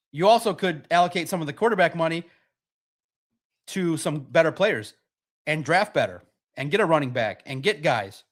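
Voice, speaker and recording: A man hosting a sports podcast, ranting in an emphatic, repetitive and mocking way. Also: fairly high pitch. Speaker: podcast host. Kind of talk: heated sports podcast rant.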